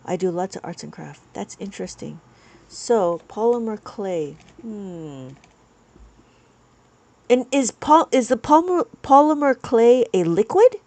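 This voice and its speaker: A woman's voice: mid-range voice, animated, measured pace, darkish tone, no echo. A woman teaching abacus on a live stream, chatting with viewers and reading their comments aloud.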